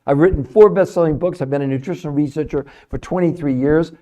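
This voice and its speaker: A middle-aged man hosts a live stream and answers his chat in a pushy, salesy way, hammering the same points again and again. His voice sits fairly high for a man. The tone is mellow and soft-edged. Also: fast talker, highs cut off. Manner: emphatic, salesy, repeats points for effect. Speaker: livestream host, nutrition researcher.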